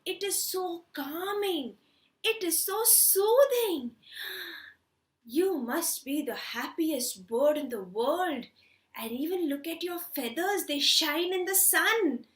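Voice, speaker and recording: A woman putting on a cheerful cartoon crow, male, loud sing-song cawing, high and bright. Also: lively intonation, slow pace, echoey room, heavily acted. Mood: admiring. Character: cheerful male crow who thinks he sings well.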